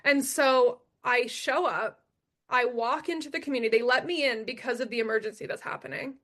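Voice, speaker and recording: A young adult woman with a high, fairly bright voice speaks fairly quickly as a podcast guest telling her story. She's blunt and emphatic, swears freely, and repeats the lines that matter most to her.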